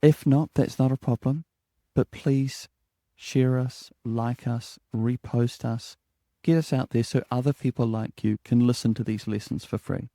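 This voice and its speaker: Calm gravelly-voiced New man. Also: medium pitch, no echo. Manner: calm, measured, deliberate with downward inflection. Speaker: HR coach and podcast host. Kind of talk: spoken HR lesson.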